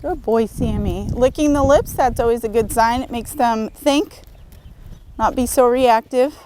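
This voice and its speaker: A fairly high-voiced woman gives calm, patient lessons as she works a young horse outdoors in an arena. Her instructions come steadily, mixed with soft praise, and hoofbeats sound behind her. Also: measured pace, a little hiss or hum, low-quality recording. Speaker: horse trainer. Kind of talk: outdoor training demonstration.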